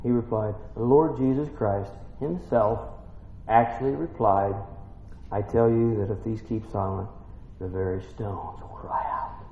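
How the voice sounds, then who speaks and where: A man preaching a sermon, swinging between quiet scripture reading and shouted excitement, calling out questions to his congregation. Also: on the low side, measured pace, roomy sound, in a large hall, highs cut off, a little hiss or hum.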